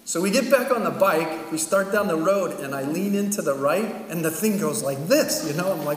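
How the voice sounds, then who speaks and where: Man, middle-aged pastor, higher-pitched voice, relaxed chatty preaching, heard from afar in a big reverberant hall. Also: normal speed, far from the mic. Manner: casual, chatty, laughs often. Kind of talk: storytelling sermon. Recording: echoey hall, voice from afar, faint ambient noise.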